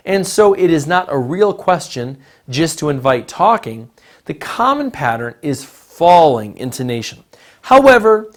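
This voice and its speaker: A man teaching an English lesson in a recorded narration, modeling intonation patterns in a slow, deliberate way. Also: a little high.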